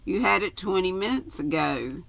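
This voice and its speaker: Storybook nurse: calm, soothing, read by an older woman, gravelly and crisp. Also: lowish voice, normal speed, no room sound, full character voice, low-quality recording. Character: soothing middle-aged female nurse. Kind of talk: storybook reading.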